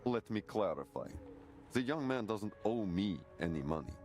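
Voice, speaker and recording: A suave, flowery fashion dealer for a video game. The voice sits low and moves through a lively melodic range. Polished, courteous phrasing carries over steady game music. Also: male voice, moderate pace. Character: smooth-talking male fashion dealer, genteel and evasive. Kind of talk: video game character dialogue.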